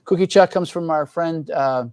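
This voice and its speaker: A man's voice: a little high, moderate pace, darkish tone, clear, resonant tone, no echo, rough recording. A man hosting a casual live stream about teas, talking in a loose, rambling way with many fillers and joking asides. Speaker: tea company host.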